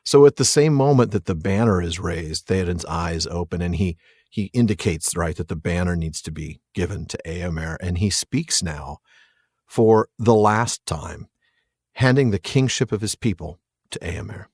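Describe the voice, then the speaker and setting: A man co-hosting a podcast in casual chat, jokey and quick to laugh. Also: low-pitched, darkish tone, husky, no echo, clean studio sound. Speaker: podcast co-host.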